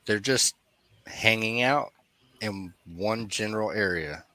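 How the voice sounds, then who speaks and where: A young man narrating as dungeon master in a tabletop game, slowly setting the scene for the players. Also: on the low side, pushed and bright, dry recording.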